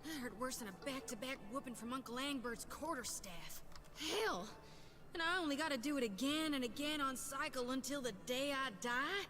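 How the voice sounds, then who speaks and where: A woman's voice: high-pitched, moderate pace, sharp tone. An actress voicing a brash, folksy young woman soul-reaper in a fantasy game, emphatic and colloquial. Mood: pained. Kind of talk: game voice acting.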